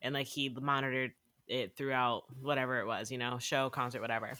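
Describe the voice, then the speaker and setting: A young woman with a naturally low voice in casual chat, animated and quick to laugh, her voice jumping up when she gets excited.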